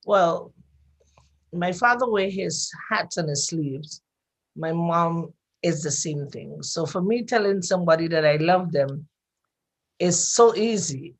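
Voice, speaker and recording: A woman telling personal stories on a radio show, lively and acting out the voices of people she quotes. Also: lowish voice, takes it slowly. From grew up outside Canada.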